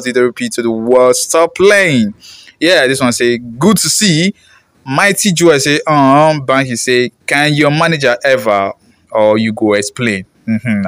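A young man, a reaction channel host who chats casually, gets excited, laughs often and slips into pidgin while reading out viewer comments. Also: medium pitch, dry recording, clean studio sound.

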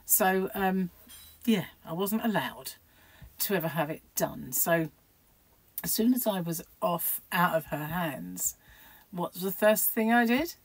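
A woman's voice: lowish voice, lively intonation, unhurried, breathy edge, no room sound, low-quality recording. A middle-aged woman vlogging at home in a rambling, chatty, self-mocking way. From United Kingdom. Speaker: crochet vlogger. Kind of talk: casual chat to camera.

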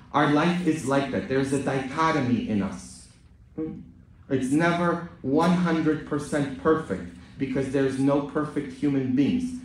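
Polish-born priest preaching in an echoey church. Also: male voice, mid-range voice, recorded from a distance. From Poland. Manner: preaching and joking, often ending lines with a questioning "huh?"; swings from quiet talk to loud emphatic lines. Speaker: Catholic priest. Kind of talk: sermon. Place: large church. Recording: echoey church heard from afar.

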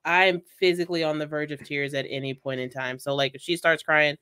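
A woman's voice: low-pitched, steady tone, bright, forceful tone, clean tone, no echo. A woman co-hosting a talk show, joking and teasing in casual chat. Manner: playful, teasing, quick jokes. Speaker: co-host.

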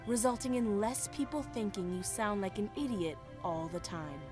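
A slick, overblown infomercial announcer, as a woman puts her on, pitching hard with a voice that swoops up and down. It's a mid-pitched female read from a comedy sketch. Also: lively intonation, moderate pace, over music, lightly acted. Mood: salesy.

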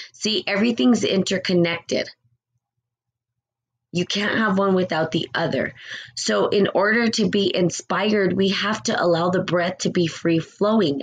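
A woman with a slightly low voice teaches spiritual ideas in a relaxed, chatty way. She reflects aloud and now and then acts out what people say. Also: breathy edge, poor audio.

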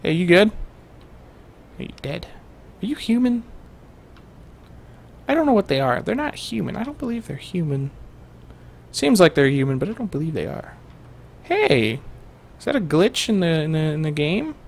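A man's voice: a little high, very animated, normal speed, creaky, long pauses, slight background noise. A young man giving rambling, jokey let's-play commentary to his viewers as a gaming host.

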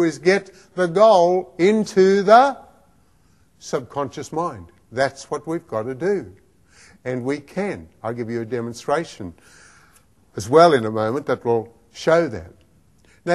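A man giving a motivational lecture as a self-improvement teacher, emphatic and often checking in with the listener with "right?". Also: fairly high pitch.

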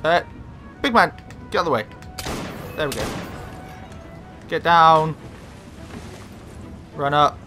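Excitable sweary gamer. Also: male voice, a little high, slow, long pauses, faint music behind. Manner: sweary, excitable, talks to game characters. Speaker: gameplay commentator. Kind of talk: casual let's-play commentary.

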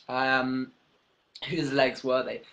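A young man, joking around as the vlogger in a casual chat. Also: medium pitch. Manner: animated, joking, jumps between topics.

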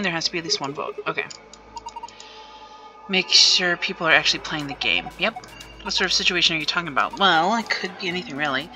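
Woman, deep voice, casual game play, thinking aloud, background music. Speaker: player. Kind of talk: playing an escape game aloud.

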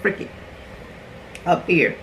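A woman's voice: a little hiss or hum, rough recording. A middle-aged woman, chatting animatedly and exclaiming through a casual unboxing vlog. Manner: animated, exclaiming, quick asides. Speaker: beauty vlogger.

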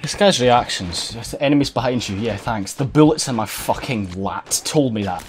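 A man's voice: medium pitch, expressive, normal speed, slight background noise. A man giving sarcastic, sweary let's-play commentary over a video game. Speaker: gaming commentator.

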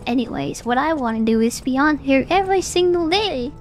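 A woman's voice: high voice, animated, a little fast, soft background music. A young woman streaming a video game, chatting casually and rambling with many fillers. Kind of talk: casual gaming stream chat.

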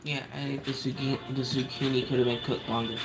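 A man's voice: mid-range voice, level tone, fast talker, rough recording. Producer guy tasting food on a live, earnest, hunting for words, music playing behind. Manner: earnest, searching for words in his food review. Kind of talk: casual chat.

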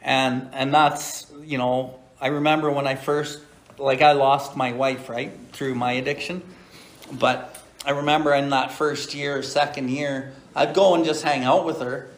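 The host and sponsor of a recovery podcast, a middle-aged Canadian man, speaks unhurriedly at medium pitch with little pitch movement. He talks bluntly and profanely, sprinkling in many "right?" asides, and reads from the Big Book.

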